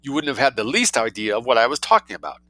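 A man narrating a story aloud in a wry, lively reading voice, adding his own commentary. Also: mid-range voice, fast, no echo, low-quality recording. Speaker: reader and commentator.

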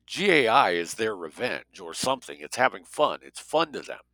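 A man voicing a blunt, sardonic male financier in an audiobook, with a gravelly voice. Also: on the low side, big pitch swings, moderate pace, bright, forceful tone, dry recording, heavily acted, poor audio.

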